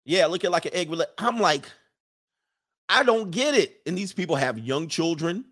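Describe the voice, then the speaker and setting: A man's voice: sits high, animated, normal speed, a bit bright. A man hosting a casual livestream, reading viewer comments and rambling through blunt opinions with frequent laughs.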